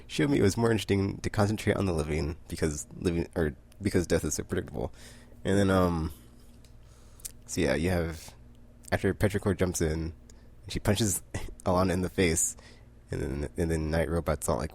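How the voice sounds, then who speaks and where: A man's voice: low voice, normal speed, gravelly, a little mellow. A man casually recapping a comic book issue, rambling with many fillers and frequent laughter.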